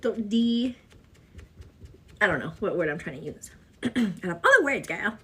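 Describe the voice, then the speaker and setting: A young woman vlogging in a relaxed, chatty way as she gets ready for the day. Her voice is mid-pitched with a slightly husky edge. She laughs easily and slips into a brighter, higher tone when she acts out her own replies. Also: unhurried. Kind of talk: casual chat while doing makeup.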